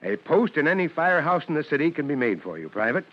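An actor playing a kindly, formal middle-aged fire chief in a 1940s radio drama, speaking in a measured, fatherly way. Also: fairly high pitch, sing-song. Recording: dull old radio recording.

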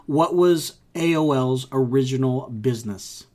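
A man's voice: medium pitch, unhurried, a little mellow. A man co-hosting a casual tech podcast, rambling with restarts and acting out his reactions. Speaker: podcast co-host.

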